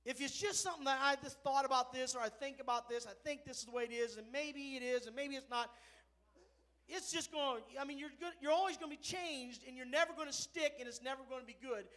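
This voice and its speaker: Man preaching in a church, storytelling sermon that swells to fervent near-shouting, strikingly high voice with a sharp, bright edge. He keeps the story moving and leans hard on the punchlines of faith. The delivery is a pastor's own, not a performance. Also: fast talker.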